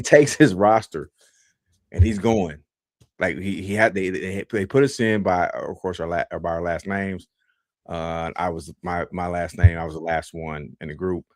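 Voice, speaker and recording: A man's voice: no echo, clean studio sound. A man telling a story casually on a podcast, often restarting and repeating himself, and acting out quoted lines with big jumps in his voice. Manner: animated, acts out quotes with big pitch jumps. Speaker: podcast host.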